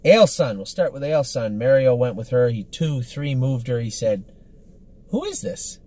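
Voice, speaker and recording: A man's voice: mid-range voice, moderate pace, mellow. A man, a horse trainer, giving a casual, rambling report on the day's training, upbeat and full of fillers and self-corrections.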